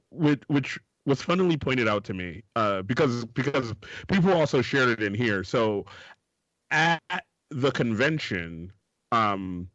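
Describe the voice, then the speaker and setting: A man co-hosting a podcast in casual chat, laughing often and swearing, putting on high voices for quoted people. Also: a bit bright, dry recording, lo-fi sound. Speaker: podcast co-host.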